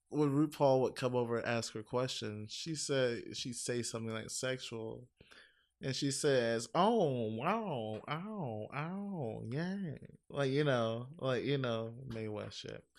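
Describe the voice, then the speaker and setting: A man chatting casually on a podcast, rambling and profane, laughing loudly and mimicking others in high exaggerated tones. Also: steady tone, slow. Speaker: podcast co-host. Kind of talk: casual chat.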